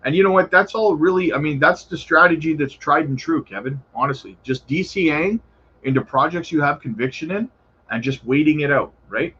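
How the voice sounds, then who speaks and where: A man's voice: on the high side, brisk, bright, forceful tone, slightly rough, highs cut off. A man hosting a casual crypto livestream, answering viewer questions in a laid-back, chummy way and calling viewers brother. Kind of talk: casual live chat reading viewer questions.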